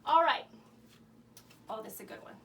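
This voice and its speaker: A woman's voice: normal speed, far from the mic. A woman hosting a children's show, cheering young viewers on as they guess animals in a game of charades. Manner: animated, encouraging, speaks to kids at home. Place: home laundry room. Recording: a bit away from the mic, faint room hum.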